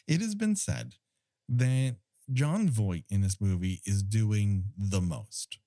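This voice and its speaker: A man's voice: fairly low pitch, lively intonation, very slow, long pauses, mellow, no echo, clean studio sound. A man co-hosting a podcast in casual chat, ranting with wry, mock-indignant humor. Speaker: podcast co-host.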